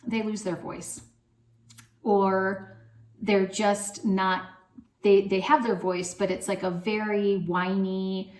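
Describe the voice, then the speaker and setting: A woman's voice: mid-range voice, little pitch movement, takes it slowly, a little mellow. Chatty woman in an echoey room. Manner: loose and chatty, lots of fillers. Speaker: parenting coach. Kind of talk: casual advice talk to camera.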